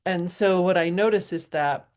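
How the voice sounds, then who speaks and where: A woman's voice: on the low side, moderate pace, a little mellow. A middle-aged woman talking casually and thoughtfully about self-talk, with frequent fillers and small laughs. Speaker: speaker sharing self-help reflections.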